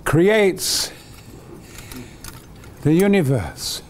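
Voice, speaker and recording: Excitable older man, lively high voice. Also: extremely slow, a little hiss or hum. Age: 80s. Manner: rambling, digressive, enthusiastic. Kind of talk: reminiscing storytelling.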